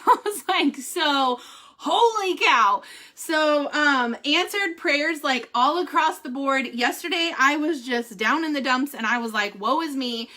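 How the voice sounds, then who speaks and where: Middle-aged woman, casual vlog host, high and bright, animated, quick to laugh. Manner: animated, laughs often, says "holy cow" and "y'all". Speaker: vlogger giving a family update and product review.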